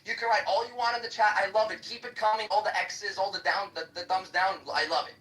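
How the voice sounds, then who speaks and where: A man's voice: high voice, fairly even intonation, fast talker, bright, forceful tone, faint music behind. A man ranting combatively and profanely in a heated live debate on an audio chat app. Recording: echoey, distant livestream audio.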